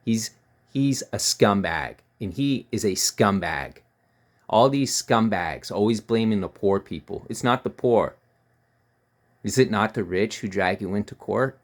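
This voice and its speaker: A man's voice: lowish voice, lively intonation, measured pace. A man giving heated, scornful political commentary, ranting and repeating himself.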